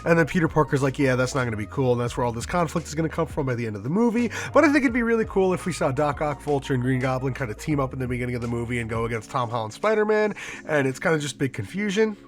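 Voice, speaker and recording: A man's voice: mid-range voice, big pitch swings, rapid-fire. A man hosting a casual fan-theory vlog, rambling in a slangy, loose way and swearing now and then. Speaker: movie vlogger host.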